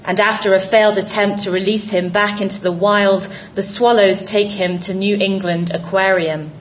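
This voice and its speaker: A woman reading a scripted essay narration in a measured, reflective way. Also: medium pitch, steady tone, slight background noise, rough recording.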